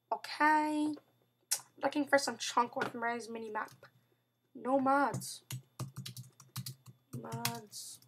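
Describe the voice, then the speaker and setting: A young woman chatting excitably over her gameplay, with sudden outbursts and playful mock growls. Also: a little high, slow pace, pauses often, slight background noise. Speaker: gamer narrating gameplay. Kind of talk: casual let's-play commentary.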